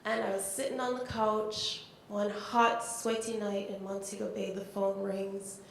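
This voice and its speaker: A woman, telling a heartfelt personal story as a panelist at a symposium, with many pauses and fillers. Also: flat delivery, creaky. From Jamaica. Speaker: poet and panelist. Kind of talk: symposium speech. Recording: very echoey hall, faint rumble.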